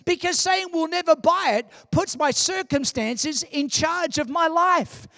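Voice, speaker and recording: High-voiced older man preaching a sermon. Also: unhurried, dry recording, clean studio sound. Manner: animated, humorous, emphatic preaching. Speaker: pastor. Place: church.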